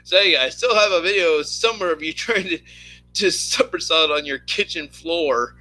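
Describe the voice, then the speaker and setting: A man's voice: fairly high pitch, moderate pace, pushed and bright, poor audio. A man casually chatting with his viewers, rambling with lots of fillers and restarts. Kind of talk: casual chat.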